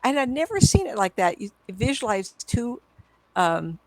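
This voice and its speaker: A woman in her seventies, a psychic medium, telling stories to an audience in an excitable, chatty way with frequent laughs. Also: fairly high pitch, moderate pace, dry recording. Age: 70s. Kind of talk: storytelling talk to an audience.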